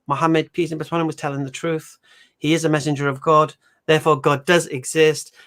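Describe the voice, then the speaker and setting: Fast-talking animated man. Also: on the high side. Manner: animated storytelling with voiced quotes. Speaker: host. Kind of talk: livestream debate chat.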